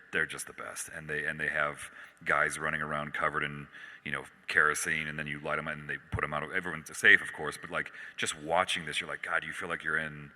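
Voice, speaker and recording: Deep-voiced man chatting in a big hall. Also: sharp tone. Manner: rambling, chatty, upbeat. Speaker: panel guest. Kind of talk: casual panel talk. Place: large convention hall. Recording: long echo of a large hall.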